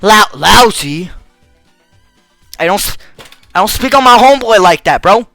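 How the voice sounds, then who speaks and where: A man's voice: sits high, expressive, a little slow, creaky, sharp tone, dry recording, faint music behind. A young man casually commenting over a video game he's playing, with joking, slangy, crude asides. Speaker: let's play host.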